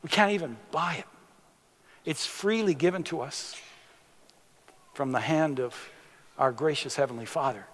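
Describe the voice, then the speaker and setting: A man preaching a sermon as a pastor, unhurried, with sudden emphatic rises in his voice. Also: fairly high pitch, fairly bright tone, big-room sound.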